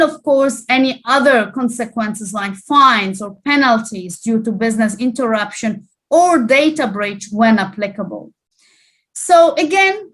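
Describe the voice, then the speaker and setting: A woman presents a talk on cyber risk management in a slightly high voice. She speaks fast, stacking explanations with many small asides and restarts. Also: a bit bright.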